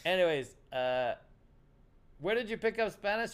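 A man's voice: high voice, animated, a little slow, clear, resonant tone. A middle-aged man telling stories in casual chat, acting out dialogue and laughing often.

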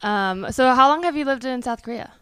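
A woman hosting a podcast in casual chat, rambling and upbeat, a bit hoarse as she loses her voice. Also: high voice, fairly quick, over a noisy crowd. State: losing her voice. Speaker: podcast host. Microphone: studio microphone at a desk.

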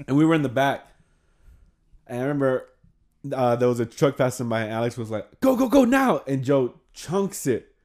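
A young man telling stories in casual chat. He talks with slang and swearing, laughs often, and gets loud when acting out his friends. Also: medium pitch, fairly even intonation, moderate pace, long pauses. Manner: slangy and profane.

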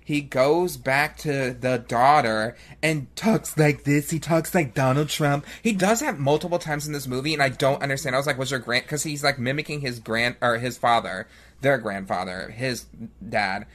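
A woman's voice: extremely low pitch, moderate pace. A woman chatting casually in a film review podcast, swearing freely and acting out quotes.

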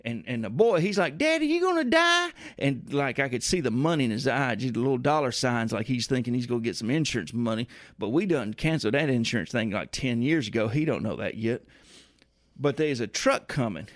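A man's voice: medium pitch, lively intonation, a little fast, no room sound, studio quality. A man hosting a radio show, telling a rambling comic story in a folksy way, with grumbling asides. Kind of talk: comedic rambling monologue.

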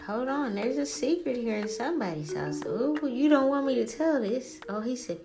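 A brash woman hosts a spiritual podcast alone, and her voice sits a little high. She rants in a profane, trash-talking stream. There is faint music behind her. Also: expressive, normal speed, vocal fry, few pauses. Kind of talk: casual solo podcast rant.

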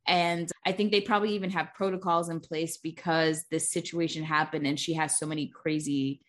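A woman co-hosting a casual film discussion, thoughtful and quick to laugh. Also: low voice, level tone. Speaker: podcast co-host.

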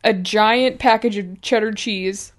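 A woman's voice: mid-range voice, unhurried. A woman co-hosting a podcast, telling stories in casual chat, swearing freely and laughing often. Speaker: podcast co-host.

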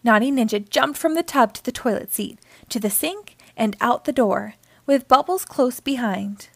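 A woman hosting storytime, reading a children's book aloud with expressive storytelling. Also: on the high side, moderate pace, creaky, no room sound. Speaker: storytime host.

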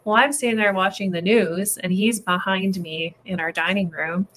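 A woman in her thirties, a podcast guest, telling a story in a lively casual way and acting out the people in it. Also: mid-range voice, moderate pace. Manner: lively, acts out quoted voices while telling a story. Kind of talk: animated storytelling in casual chat.

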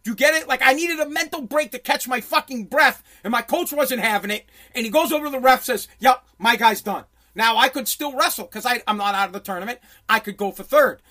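A man's voice: very high voice, fast talker, hardly any pauses, sharp tone. A man telling a story in a profane, intense rant, often restarting his sentences. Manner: intense, swearing, many restarts.

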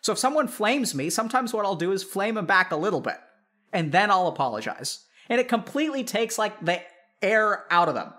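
A man, a psychiatrist, explaining in casual chat to a live audience, animated and full of filler words. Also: sits high, brisk. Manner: animated, filler-heavy, addresses audience directly. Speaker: psychiatrist and streamer host.

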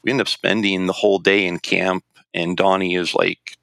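A man's voice: sits low, little pitch movement, normal speed, creaky, fairly bright tone, no echo. A man telling a long hunting-trip story in a casual, rambling way, with restarts and quoted dialogue. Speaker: guest recounting a hunting trip.

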